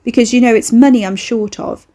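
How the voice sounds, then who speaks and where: A woman's voice: on the high side, fairly even intonation, fairly quick, dark tone, husky, pitched above the performer's own voice. A woman voicing an anxious, exasperated young woman in an audiobook. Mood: wary. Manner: exasperated, groaning.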